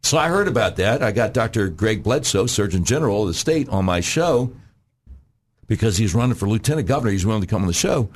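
A man guesting on a radio talk show as a candidate, making an emphatic campaign pitch and often clearing his throat. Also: lively intonation, fast.

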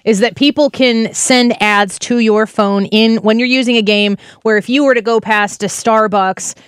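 A woman's voice: fairly high pitch, fairly even intonation, moderate pace, smooth, dry recording. Middle-aged female radio host, chatty and wry, dry close studio mic. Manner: chatty, joking asides. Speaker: radio talk show host. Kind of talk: casual radio chat. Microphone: studio microphone.

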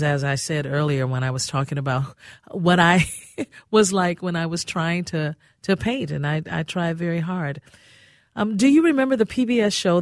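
A woman's voice: fairly low pitch, dry recording, studio quality. A woman hosting a radio talk show, chatty and effusive, often laughing. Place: radio studio.

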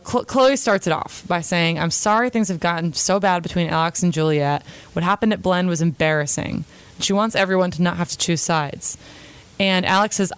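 A woman's voice: fairly low pitch, smooth, no room sound. A young woman casually recapping a reality episode in a chatty, opinionated way, quoting the cast as she goes. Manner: chatty, opinionated, retells scenes with quotes.

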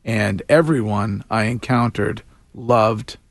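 A man's voice: lowish voice, takes it slowly, gravelly, dry recording. A man hosting a morning radio show, bantering and reading listener texts aloud. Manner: reads listener texts, animated.

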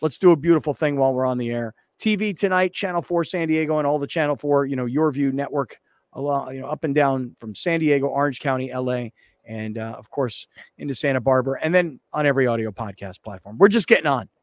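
A man's voice: fast, no room sound, studio quality. A man hosting a sports radio show, telling stories in casual banter and mimicking others. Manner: animated storyteller, mimics others with high voices.

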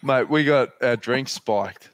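A man's voice: mid-range voice, takes it slowly, no room sound. An Australian man on a podcast, telling stories in casual chat and swearing freely. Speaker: podcast co-host.

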